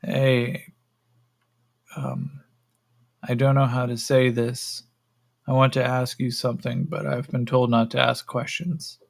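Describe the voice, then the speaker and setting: A man's voice: medium pitch, little pitch movement, slow pace, creaky, pauses often. A man voicing a naive, meek young human juicer who talks hesitantly and eagerly. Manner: hesitant, eager to please, trailing ums.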